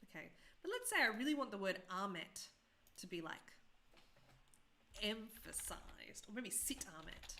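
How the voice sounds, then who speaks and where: A woman's voice: mid-range voice, sing-song, a little slow, pauses often, sharp tone. A woman in her thirties teaching a live-streamed coding tutorial, chatty and self-deprecating, often asking viewers questions.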